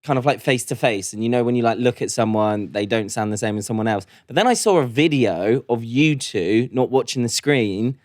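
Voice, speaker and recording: A man's voice: medium pitch, expressive, fairly quick, few pauses, dry recording, studio quality. A man co-hosting a podcast, easygoing, laughing along and leading the questions. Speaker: podcast co-host. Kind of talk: casual chat.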